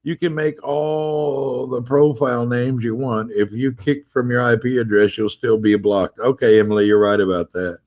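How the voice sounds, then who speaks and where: A man's voice: medium pitch, steady tone, normal speed, hardly any pauses, darkish tone. A man hosting a casual live-stream chat from home, greeting viewers by name, reading their comments aloud and teasing playfully. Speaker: livestream host. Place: at home with family nearby. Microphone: phone livestream.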